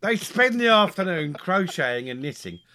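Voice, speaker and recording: A man telling a funny family story in a casual podcast chat, animated and chuckling, stumbling over his words as he gets excited. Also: sits high, moderate pace. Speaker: podcast co-host.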